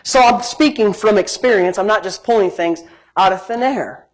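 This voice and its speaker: A middle-aged man preaching a sermon as pastor, animated, moving between quiet asides and emphatic rising lines. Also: sits high, normal speed, low-quality recording.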